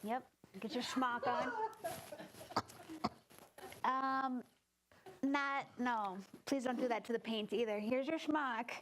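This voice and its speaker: Woman improviser: patient and teacherly, slightly high voice, faint hiss behind. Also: takes it slowly, long pauses. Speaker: improv performer. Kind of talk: improvised comedy scene.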